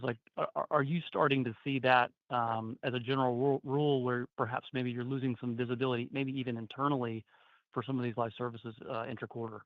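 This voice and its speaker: A male analyst poses a long, winding question, restarting phrases often. His voice is mid-pitched. It comes through a muffled, dry phone connection. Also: no room sound. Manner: rambling, many restarts. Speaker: financial analyst asking questions. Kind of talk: earnings call question.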